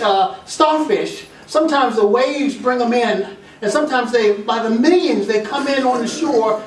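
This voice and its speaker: A man's voice: very high-pitched, slight background noise. A middle-aged man giving a homespun tribute speech about his father at a family gathering, repeating phrases and restarting sentences. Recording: roomy echo, voice from far off.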